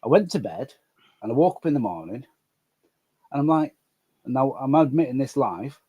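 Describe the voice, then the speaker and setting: A man's voice: medium pitch, very animated, normal speed, slightly rough, narrow, tinny audio. A man, a guest on a casual live chat, rambling, apologetic and sweary. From Manchester area. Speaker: guest caller.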